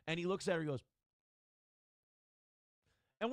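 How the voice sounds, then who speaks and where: A man telling a story in an animated, indignant way as a guest on a casual podcast. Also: fairly high pitch, brisk, long pauses, no room sound, studio quality.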